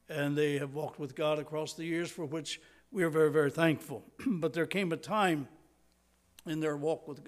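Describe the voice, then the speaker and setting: An older man delivers a sermon from the pulpit, earnest and emphatic. His voice sits a little higher than most men's, and he leans hard on repeated words to drive each point home. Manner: earnest, emphatic preaching with stressed repetitions. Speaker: preacher.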